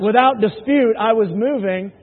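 Speaking in a high voice at a moderate pace, a sales presenter tells jokey anecdotes to a live crowd in a hall, often checking in with "right?". There's slight background noise, and the audio is tinny and phone-like with a long hall reverb.

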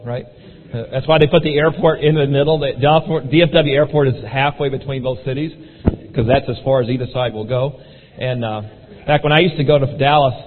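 A man tells his story to an audience at a brisk clip, acting out the voices of the people in it. The sound is thin and phone-like, with a long hall reverb trailing behind him. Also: mid-range voice. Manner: animated, acts out quoted voices. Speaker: speaker telling his business story.

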